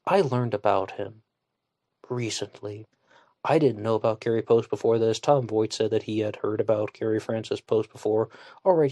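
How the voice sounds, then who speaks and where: A man's voice: lowish voice, mellow, no echo, studio quality. A man hosting a solo podcast in casual commentary, blunt and scornful, with frequent fillers and swearing. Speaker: podcast host.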